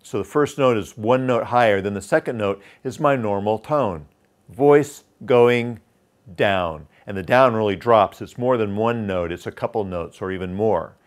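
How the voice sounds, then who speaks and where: A man teaching sales, explaining voice tonality and demonstrating pitch drops with slow, emphatic phrases. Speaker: sales trainer. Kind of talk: instructional talk.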